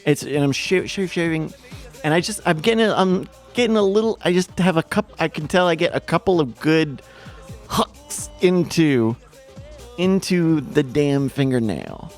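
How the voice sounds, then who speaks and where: Soft music underscores a man's fairly high, expressive voice as he calls marble races on a casual livestream at a moderate pace. Working from home under a ring light, he plays the self-mocking storyteller, rambling through anecdotes with plenty of restarts.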